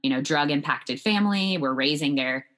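A woman's voice: low voice, normal speed, fairly bright tone. A woman being interviewed as a guest, answering in an earnest, reflective way with frequent fillers. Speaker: guest, math professor.

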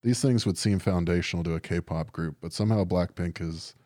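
A man's voice: low voice, a little fast, mellow, no room sound, studio quality. A young man chatting casually on a podcast, rambling and sardonic, swearing often and leaning on fillers. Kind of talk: casual chat.

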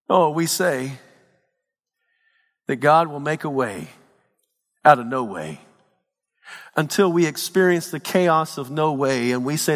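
A man preaching a sermon in a church, swinging between shouted peaks and hushed low lines. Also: unhurried, pauses often, in a large hall. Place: church sanctuary.

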